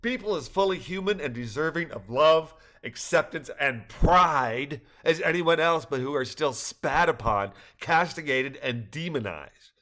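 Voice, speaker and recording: A man's voice: a little high, expressive, measured pace, hardly any pauses. Earnest older man reading his story. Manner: earnest, reflective, with occasional soft laughs. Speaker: narrator. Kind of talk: reading a personal story aloud.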